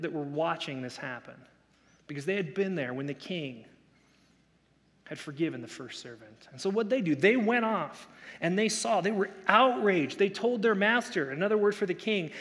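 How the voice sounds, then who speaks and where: A man's voice: high voice, fairly bright tone, big-room sound. A man preaching a sermon as pastor, conversational, with playful asides and acted-out quotes.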